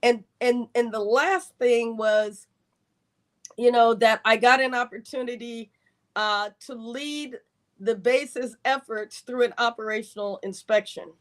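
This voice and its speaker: A woman's voice: on the high side, measured pace. A woman, a retired Air Force colonel, telling a long career story in a podcast interview and acting out the voices of the people in it. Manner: animated storyteller, acts out quoted dialogue.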